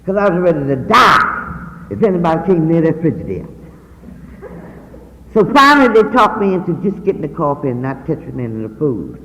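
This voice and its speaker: A woman's voice: sits low, very animated, a little fast, background noise. A woman with a Washington D.C. accent telling her own story at a recovery meeting, acting out the voices of the people in it. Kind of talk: personal storytelling share. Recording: long hall reverb.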